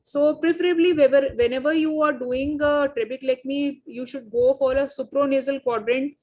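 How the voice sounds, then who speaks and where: A woman surgeon narrating her surgical video at an online conference, explaining each step with frequent pauses and fillers. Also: high-pitched, fairly even intonation, darkish tone, dull audio.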